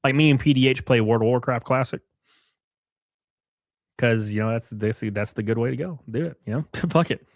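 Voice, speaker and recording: A man's voice: mid-range voice, normal speed, long pauses, dry recording, clean studio sound. A man hosting a casual livestream, talking bluntly with plenty of swearing and reading out viewer messages. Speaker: livestream host.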